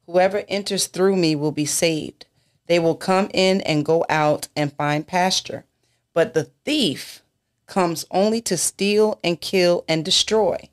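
A woman's voice: fairly low pitch, takes it slowly. A woman minister in a church talk discussion, speaking emphatically and asking rhetorical questions.

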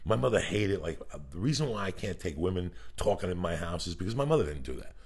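A middle-aged man co-hosting a podcast, telling crude comic stories full of profanity and loud laughter. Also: low-pitched, very animated, husky. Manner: profane, rapid storytelling with loud laughing outbursts. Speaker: podcast co-host.

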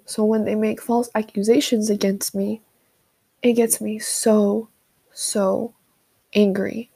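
Slow, halting young woman venting. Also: mid-range voice, mellow. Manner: halting, unscripted, with many fillers and pauses. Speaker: vlogger. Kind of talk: personal venting monologue. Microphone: phone voice memo.

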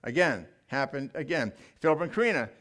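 An older man preaching in a church, telling mission stories in an animated, emotional way with frequent restarts. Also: mid-range voice, a little fast. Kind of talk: sermon storytelling.

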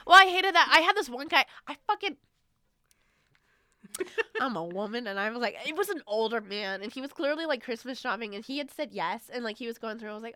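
A woman with a high, bright and crisp voice tells retail stories in a casual chat. She talks in an animated way and acts out customers. The sound is dry and close. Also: quick pace, no echo. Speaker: former retail store worker.

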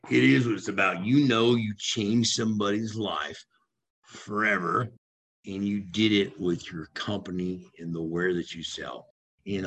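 A man co-hosting a casual talk, an animated storyteller who acts out the voices of the people in his stories. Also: sits low, gravelly, slight background noise. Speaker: home sales veteran, podcast co-host.

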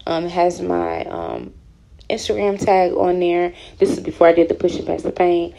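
A woman in her thirties, from Houston, Texas, reading aloud from her own written story and adding personal comments, soft and halting with many ums. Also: lowish voice, flat delivery, gravelly, poor audio. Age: 30s. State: emotional, near tears.

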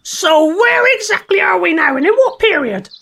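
A woman playing a brisk, bossy female ship captain in an amateur audio drama. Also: very high voice, lively intonation, gravelly, a bit bright, heavily acted. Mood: commanding. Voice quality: brisk, commanding.

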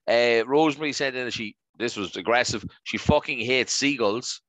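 A man's voice: mid-range voice, normal speed, fairly bright tone, no echo. A man, co-hosting a podcast, running through listener replies in upbeat casual chat. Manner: upbeat, reads listener replies, fond of "right?". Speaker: podcast co-host.

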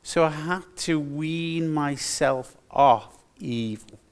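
A man's voice: on the high side, soft background music. An older man preaching a sermon, earnest and emphatic, repeating his key phrases. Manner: earnest, slow and emphatic with repetitions.

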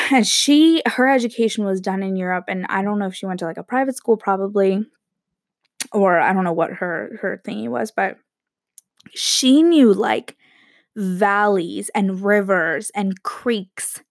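A young woman in her early twenties, chatting casually and rambling, with lots of "like" and quick self-interruptions. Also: medium pitch, no echo, studio quality. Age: young adult. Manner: rambling, chatty, heavy use of "like", frequent laughs and self-interruptions. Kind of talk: casual monologue to camera.

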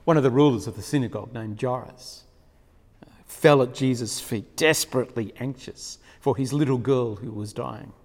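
A man preaching a sermon, retelling a story in an animated way with frequent chuckles. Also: mid-range voice, normal speed. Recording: long hall reverb.

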